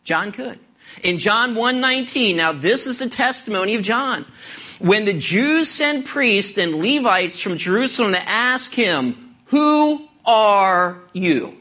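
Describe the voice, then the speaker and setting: Guy preaching a sermon, high bright voice, lots of questions and pauses. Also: animated. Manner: earnest preaching with rhetorical questions and dramatic pauses. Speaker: pastor.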